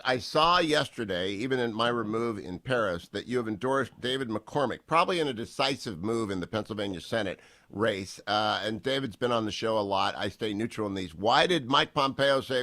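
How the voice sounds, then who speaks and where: A man hosting a radio talk show, briskly introducing guests and segments. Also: mid-range voice, bright, forceful tone, dry recording. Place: remote broadcast from abroad.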